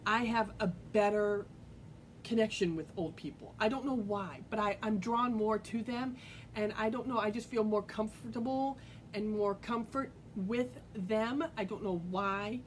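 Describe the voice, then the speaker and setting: A woman's voice: mid-range voice, unhurried, a little hiss or hum, poor audio. Rambling woman telling a personal story. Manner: rambling, filler-heavy, earnest. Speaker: vlogger. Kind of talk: casual personal storytelling to camera.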